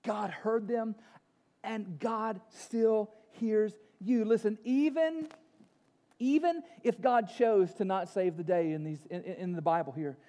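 A male preacher delivers an animated sermon. He swings from loud exclamations to hushed, near-whispered phrases, and his voice sits high. The sound rings with the long reverb of a large hall. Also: takes it slowly. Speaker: pastor.

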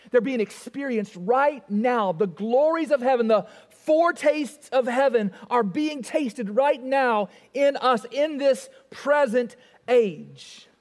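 Preaching man in a reverberant hall. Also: extremely high pitch. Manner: preaching with emphatic rises and soft drops. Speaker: pastor. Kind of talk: sermon.

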